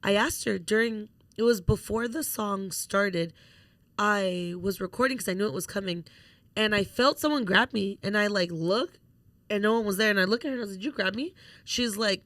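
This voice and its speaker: A woman's voice: mid-range voice, normal speed, no room sound. A young woman co-hosting a podcast, telling a story in casual chat with lots of swearing and acted-out quotes. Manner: animated storytelling, swears freely, acts out quotes. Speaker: podcast co-host.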